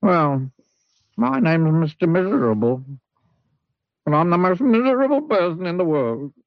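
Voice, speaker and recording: A man voicing a gloomy, sniffling little round man in a squeaky, sad voice. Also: big pitch swings, a little slow, no echo, full character voice. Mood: miserable. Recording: muffled recording with soft music.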